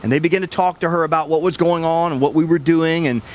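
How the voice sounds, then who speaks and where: A man's voice: on the high side, fairly even intonation, fast talker. A man pastor preaching a sermon, telling a personal story in an earnest, conversational way with frequent restarts.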